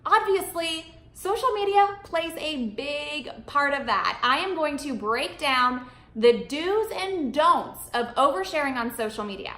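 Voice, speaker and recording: An upbeat, emphatic woman talks straight to camera, giving media advice in a chatty vlog. Her voice sits high and bright, and the room adds a noticeable echo around her. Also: animated, a little slow. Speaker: media coach and vlogger.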